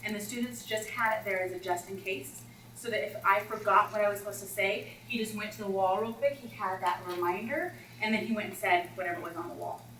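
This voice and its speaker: This woman is a math instructional coach running a teacher workshop; she explains classroom routines in a lively, talkative manner, acting out student scenes. Medium in pitch and brisk in pace, she sounds far from the mic in an echoey room, with faint ambience and slight background noise.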